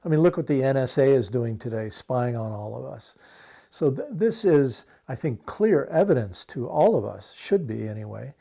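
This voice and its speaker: An older man from the United States speaks as an activist being interviewed. His voice is mellow and sits at an ordinary pitch. He talks earnestly and with conviction, pausing on fillers and restarting phrases as he thinks. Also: expressive, gravelly. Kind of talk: reflective interview answer.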